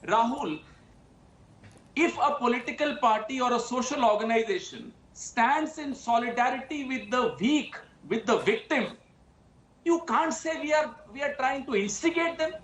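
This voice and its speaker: A man's voice: very high-pitched, animated, moderate pace, fairly bright tone, reverberant. A man from India, a party spokesperson, arguing passionately and insistently in a TV debate. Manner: impassioned, insistent. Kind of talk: heated TV debate.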